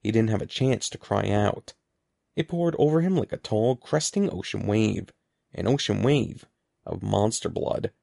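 Gravelly, animated storybook narrator, man. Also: lowish voice, a little slow, no echo. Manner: lively, expressive reading. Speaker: audiobook narrator.

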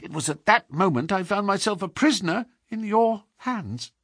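Nervous young suspect, husky, wide pitch swings; male audiobook narrator doing the voice. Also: sing-song, normal speed, a bit bright, no room sound, studio quality, heavily acted. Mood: earnest. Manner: hesitant, pleading confession. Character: frightened young man caught as a suspect. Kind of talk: audiobook character voice.

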